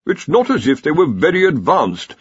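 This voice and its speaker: A pompous older wizard dean, as a man voices him, shrill, fussy and scolding, pitched well above the reader's own voice. Husky and dry, close to the mic, slightly dull in tone. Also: wildly swooping pitch, normal speed, no echo, full character voice. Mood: grumbling. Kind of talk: audiobook character voice.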